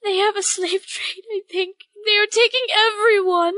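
A woman's voice: fairly even intonation, normal speed, pushed and bright, no echo, studio quality. A woman voicing a female humanoid eagle-person, a mother who is desperate about her lost son. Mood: tearful. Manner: high, pleading and tearful.

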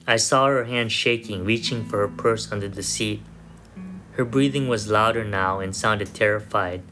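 A man narrating a first-person story in a measured, somber way. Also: on the low side. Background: soft guitar music.

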